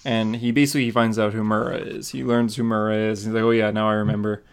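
A young man co-hosting a casual comic book podcast, recapping a story with quick acted-out quotes. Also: lowish voice, flat delivery, vocal fry, clean tone. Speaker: podcast co-host.

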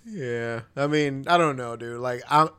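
A man's voice: medium pitch, unhurried, pushed and bright, clean tone. A man in a casual podcast chat, laid-back, often laughing and hedging his words.

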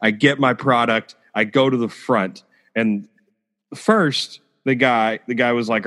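A man's voice: mid-range voice, measured pace, fairly bright tone. A man hosting a podcast, telling an irate, profane story in casual chat. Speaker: podcast host.

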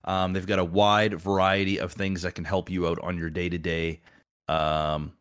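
A man's voice: sits low, level tone, moderate pace, a bit bright, clear, resonant tone. A man hosting a podcast, reading an ad and chatting in a loose, crude, rambling way. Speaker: podcast host. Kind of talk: casual chat and sponsor read.

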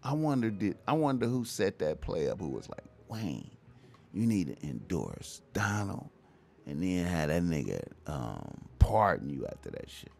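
A man's voice: low voice, very animated, moderate pace, creaky, hardly any pauses, a little mellow. A young man, ranting casually and profanely, repeating himself and tacking "man" onto his lines. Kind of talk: casual rant to camera.

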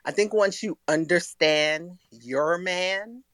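A woman's voice: lowish voice, takes it slowly, dry recording. A woman co-hosting a casual podcast chat, reflective and hesitant, with some stumbles.

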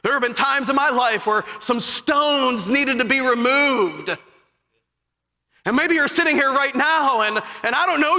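High, bright-voiced preacher in a reverberant hall. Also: male voice, animated, normal speed. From south side of Chicago. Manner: impassioned, rising to shouts and dropping to hushed tones. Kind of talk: sermon.

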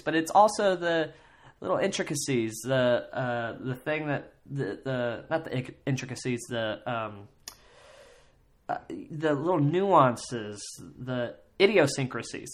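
Rambling, casual solo podcast host. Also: medium pitch. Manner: casual and rambling, many fillers and restarts; breaks into loud mocking voices when quoting others. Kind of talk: solo comedy podcast commentary.

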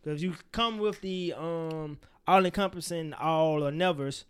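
A man's voice: fairly high pitch, a little slow, clear, resonant tone. A young man co-hosting a casual podcast, talking through friendship advice candidly and animatedly, swearing freely and acting out quoted lines. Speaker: podcast co-host.

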